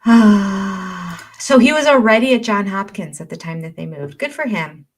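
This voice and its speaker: Older woman host, husky voice, chatty and quick to laugh, middle pitch. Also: expressive. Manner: chatty, laughs often, reacts aloud. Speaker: livestream host. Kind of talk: casual livestream chat reading viewer comments.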